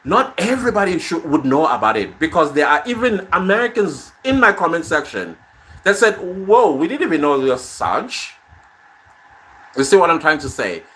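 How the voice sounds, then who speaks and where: Bright-voiced man chatting on a live stream. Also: fairly high pitch, sing-song, moderate pace. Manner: conversational, reads viewer comments aloud, trails off softly. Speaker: podcast host reading live comments. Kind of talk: casual live-stream chat. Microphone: phone.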